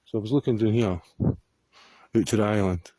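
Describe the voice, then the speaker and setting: A man's voice: on the low side, fairly even intonation, moderate pace, warm tone. A Scottish man telling a story to camera outdoors on a hillside, rambling, swearing freely and often laughing. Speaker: vlogger.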